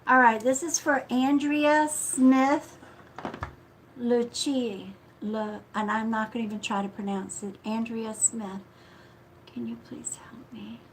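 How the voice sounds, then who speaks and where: A woman hosting a live-streamed psychic reading who speaks softly and affectionately, calls viewers sweetheart, and often apologizes and trails off mid-thought. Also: on the high side, fairly even intonation, slow pace, a little hiss or hum, low-quality recording. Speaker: psychic reader.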